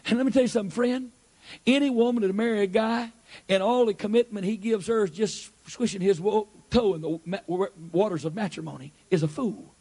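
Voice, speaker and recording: Man, high voice, preacher, repeats his points, acts out scenes. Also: brisk, warm tone, slightly rough. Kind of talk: sermon.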